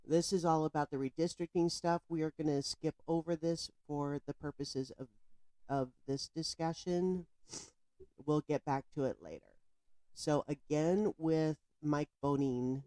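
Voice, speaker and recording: A woman's voice: low-pitched, steady tone, unhurried, mellow, no room sound. A woman giving indignant, emphatic commentary on a news story, speaking straight to the viewer. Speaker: political commentator.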